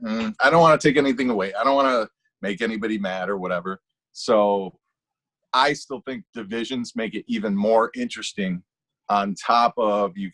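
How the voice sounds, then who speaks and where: A man co-hosting a casual fantasy football podcast, rambling and restarting his thoughts as he argues a point. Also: on the low side. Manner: rambling, self-interrupting, animated. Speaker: podcast co-host.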